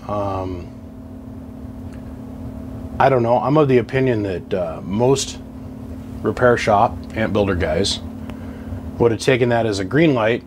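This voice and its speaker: A man's voice: fairly low pitch, measured pace, pauses often, slight background noise. A man chatting to camera in his home workshop, telling a long rambling story in a casual, salty way. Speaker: radio repair vlogger.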